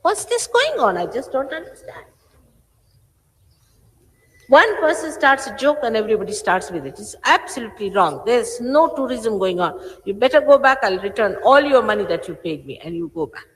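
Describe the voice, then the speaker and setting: A stern woman in her sixties scolds her followers, and her pitch leaps high and drops low as she presses each point. The archive recording carries a long, echoing hall reverb. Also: animated, moderate pace. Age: 60s. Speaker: spiritual teacher. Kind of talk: addressing followers.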